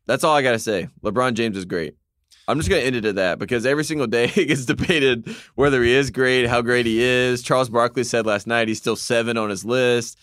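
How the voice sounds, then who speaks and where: Male co-host, emphatic casual sports chat, dry recording, mid pitch. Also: fairly quick, no room sound. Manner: animated, emphatic, repeats points. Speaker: podcast co-host.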